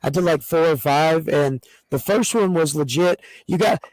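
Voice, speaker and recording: A man co-hosting a casual podcast chat, telling stories in an excitable, rambling way with many restarts. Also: a little high, moderate pace, no room sound, poor audio. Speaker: co-host.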